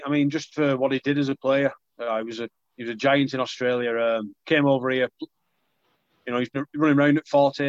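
A man's voice: medium pitch, no echo. Young man, casual interviewee, self-deprecating, dry dull recording. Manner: chatty, self-deprecating, many restarts. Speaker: rugby league player.

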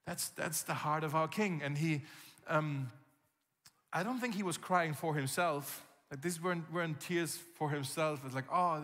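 A man preaching a sermon as pastor, telling the story vividly and acting out scenes with gasps and shouts. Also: on the high side. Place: church hall. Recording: long reverb from a church hall.

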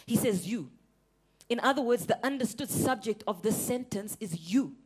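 A young woman preaching a sermon, animated and emphatic, laughing often and repeating words for effect. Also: a little high, normal speed, slightly rough.

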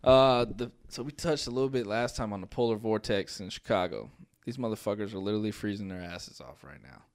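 A man's voice: on the low side, a little fast. A man co-hosting a podcast, trading laid-back, teasing banter in casual chat. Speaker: podcast co-host.

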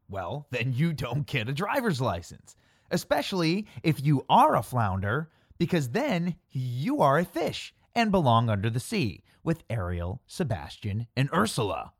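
Male explainer, unhurried, playful puns, spells words aloud, dry close sound. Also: mid-range voice, dry recording. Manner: playful, pun-filled, spells words out letter by letter. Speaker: language explainer. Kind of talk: scripted educational narration.

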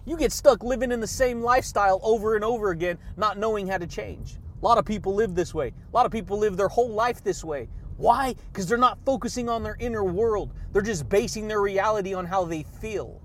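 A man hosting a motivational podcast monologue, hyped and energetic, laughing often and shouting catchphrases. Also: sits high, fairly quick, hardly any pauses, slight background noise. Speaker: podcast host.

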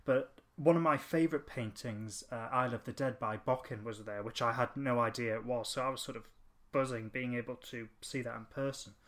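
A man chatting on a podcast at an ordinary middle pitch. He rambles through a story, circling back with ums and restarts. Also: brisk, a bit bright. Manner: rambling anecdote with fillers and restarts. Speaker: podcast co-host. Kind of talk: casual chat.

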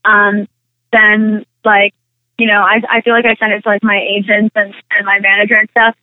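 A woman's voice: medium pitch, moderate pace, no room sound. A young woman guest in a casual interview, rambling with lots of "like" and "um" as she tells stories. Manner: rambling, full of "like" and "um", animated retelling. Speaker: interview guest, actress and singer. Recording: tinny phone-like line.

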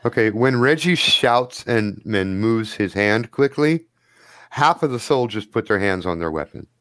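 A man narrating as game master in a tabletop game, relaxed and wry, with many fillers. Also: on the low side, unhurried, no echo, clean studio sound.

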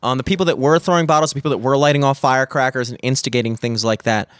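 A young man in casual chat, telling a profane, animated story and mimicking the people in it. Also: medium pitch, very fast, dry recording, clean studio sound.

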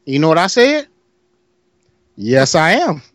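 In a clean studio recording without room sound, a man with a slightly high voice takes his time telling a long story on a podcast. His Detroit accent comes through as he lively acts out others' lines and keeps laughing.

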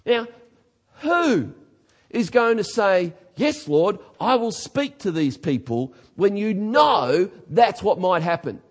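A man preaching a sermon as pastor, emphatic, dropping low and then rising to shouts. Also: very animated, takes it slowly. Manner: emphatic, swings from quiet to shouting.

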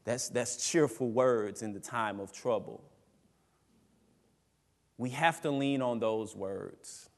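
A man preaching a sermon as pastor, emphatic, swinging between loud rises and quiet drops. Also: medium pitch, takes it slowly, long pauses, in a large hall. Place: church sanctuary.

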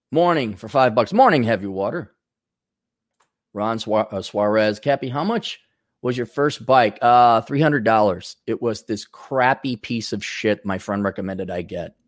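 A man's voice: on the low side, dry recording, studio quality. A man hosting a podcast, ranting with profanity and sarcasm and reading out viewer donations. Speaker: podcast host.

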